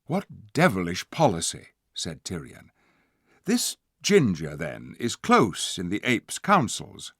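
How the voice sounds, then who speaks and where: A male narrator reads a fantasy novel aloud with a lowish voice. His delivery rises and falls a great deal as he moves between the narration and the characters. The recording is close and dry. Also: takes it slowly, gravelly, husky, no echo. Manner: lively, shifts pitch and loudness for each character. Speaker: audiobook narrator. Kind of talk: audiobook reading with character voices.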